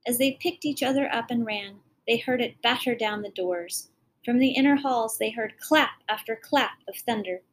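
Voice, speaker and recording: A woman's voice: fairly high pitch, moderate pace, slight background noise, low-quality recording. A woman narrating a fairy tale expressively, with dramatic storybook reading.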